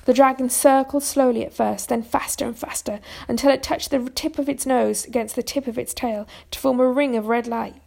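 A woman reads a children's storybook aloud in a steady, even voice. Her voice sits a little high and carries a gravelly fry. Now and then she stumbles and restarts a word. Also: a little fast, hardly any pauses. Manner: steady reading with small restarts. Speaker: narrator. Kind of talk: storybook reading.

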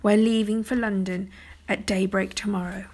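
A woman voicing a firm but kindly older lord who speaks with calm authority. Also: medium pitch, moderate pace, slightly rough, natural voice.

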